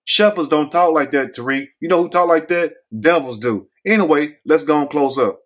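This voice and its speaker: A man's voice: a little high, normal speed, slight background noise. A man hosting a commentary vlog, talking in a folksy, scolding, preachy way. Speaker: host.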